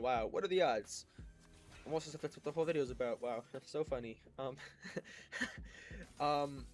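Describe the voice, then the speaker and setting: A young man telling childhood stories in a rambling, self-mocking way, acting out quotes with sudden loud bursts. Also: on the high side. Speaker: storytime creator. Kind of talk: casual storytelling.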